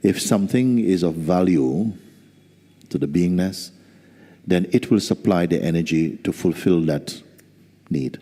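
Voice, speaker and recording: A man as spiritual teacher giving a slow, soft-spoken satsang talk with gentle humor. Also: deep voice, husky. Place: large hall. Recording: reverberant hall.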